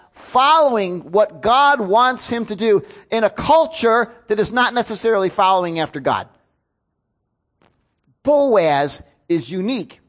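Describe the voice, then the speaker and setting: A man's voice: extremely high pitch, fairly bright tone. A man, a pastor preaching a sermon in an earnest, storytelling way. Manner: earnest, storytelling with rising emotion.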